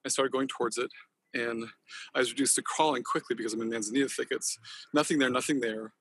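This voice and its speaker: Man, husky voice, quick rambling talk, passionate, casual interview chat. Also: medium pitch, fairly even intonation, a bit bright, no echo. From Northern California. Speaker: podcast guest, company founder.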